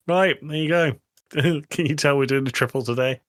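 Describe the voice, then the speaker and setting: A man co-hosting a podcast, bantering with friends in an animated, teasing way and swearing freely. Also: a little high, no room sound, clean studio sound. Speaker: podcast co-host. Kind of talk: casual banter.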